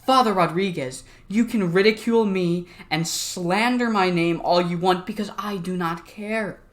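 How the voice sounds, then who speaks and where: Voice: mid-range voice, measured pace, natural voice. A YouTuber putting on a goofy mock-British voice for a pompous male wrestler who acts like a king. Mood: haughty. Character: pompous fake-royal male wrestler leader. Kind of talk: reading a made-up wrestling promo.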